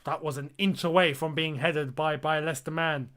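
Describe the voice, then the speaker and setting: A man's voice: a little high, fairly even intonation, a little fast, fairly bright tone. Exasperated young man reacting to football. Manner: exasperated, incredulous, talks to viewers as lads. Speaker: football watchalong host. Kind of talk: live match reaction and commentary.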